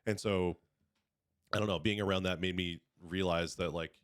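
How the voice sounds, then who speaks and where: A young man with a low voice hosts a casual podcast chat. He rambles and corrects himself mid-sentence. The sound is dry and close. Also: steady tone, normal speed, no echo. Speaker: podcast host.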